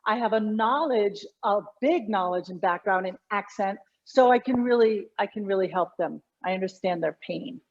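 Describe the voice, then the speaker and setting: A woman's voice: medium pitch, moderate pace, few pauses, highs cut off. A middle-aged woman, a communication coach, explaining her work animatedly in an interview, often restarting her sentences. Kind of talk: conversational interview.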